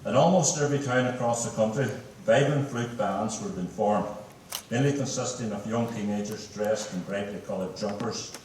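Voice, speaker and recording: A man in his sixties with a Northern Irish accent, a bandmaster giving a measured, formal speech to an audience. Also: lowish voice, darkish tone, a little hiss or hum. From Northern Ireland. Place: large hall with live audience. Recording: echoey hall from far off.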